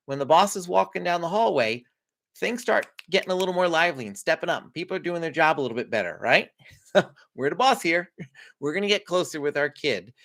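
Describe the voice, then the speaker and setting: Lively, animated man coaching parents. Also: fairly high pitch. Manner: lively, conversational, laughs often. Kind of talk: instructional talk to parents.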